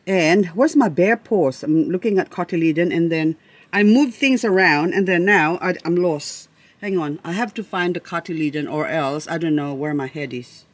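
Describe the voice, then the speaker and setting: A woman vlogging among her succulent shelves on a handheld camera, chatty and excitable, rambling and talking to her plants. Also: low voice, dry recording. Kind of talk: casual plant-tour vlog. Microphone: handheld camera she moves around.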